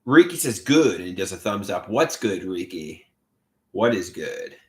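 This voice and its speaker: A man's voice: low-pitched, very animated, normal speed, fairly bright tone. Rambling man chatting on a livestream. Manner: rambling, repeats words, greets viewers by name. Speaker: livestream host. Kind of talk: casual livestream chat reading comments.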